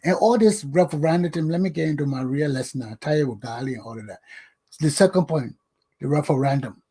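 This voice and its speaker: Heated older Liberian man, husky and dark. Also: a little high, a little fast. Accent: Liberian English. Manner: scolding, emphatic, repeats words for stress. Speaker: talk show host. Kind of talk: heated lecturing monologue.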